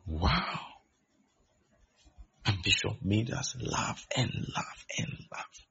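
Husky, gravelly-voiced man preaching. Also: lowish voice, animated, extremely slow. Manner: acts out quoted voices, shifting loudness. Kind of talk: sermon. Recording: dull lo-fi recording.

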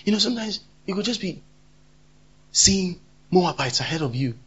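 A man preaching a sermon, emphatic and repetitive, swinging between loud and soft. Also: high voice, expressive, moderate pace, husky, lo-fi sound.

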